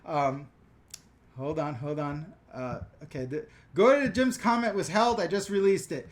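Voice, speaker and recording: A man's voice: a little high, very animated, moderate pace, a bit bright. A man from the New York/New Jersey area hosting a live stream, reading viewer comments aloud and answering bluntly with jokes. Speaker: channel host answering viewer questions. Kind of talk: casual live-stream chat.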